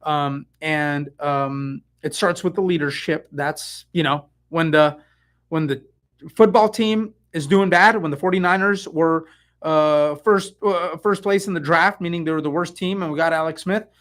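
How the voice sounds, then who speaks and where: A middle-aged man from the San Francisco Bay Area, a real estate agent rambling excitedly in a casual live stream with lots of fillers and asides. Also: on the high side, a little slow.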